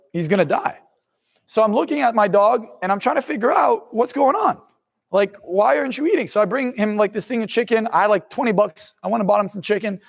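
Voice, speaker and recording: A man's voice: high-pitched, vocal fry. A young man in his twenties, a motivational speaker and hypnotist, telling his own life story in an intense, blunt way with some swearing. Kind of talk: personal life story told to camera. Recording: long reverb in the room.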